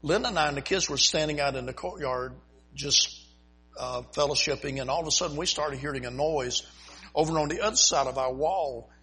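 A missionary preacher tells a folksy story from the pulpit, chuckling at his own punchlines. His voice sits a little high, with a bright, forceful edge and a husky grain. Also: fairly quick. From United States. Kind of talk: storytelling sermon. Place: church before a congregation.

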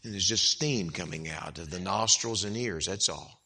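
A man preaching an evangelical sermon, swinging from hushed, slow lines to loud, emphatic outbursts. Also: deep voice, breathy edge.

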